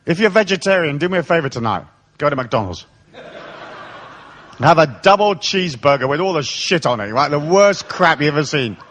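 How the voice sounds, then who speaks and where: A man addresses a live seminar audience in an animated, irreverent way, peppering his stories with casual swearing. His voice sits a little high, and it rises and falls in wide, expressive swings. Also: moderate pace. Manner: irreverent, swears freely, playful storytelling. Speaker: seminar speaker.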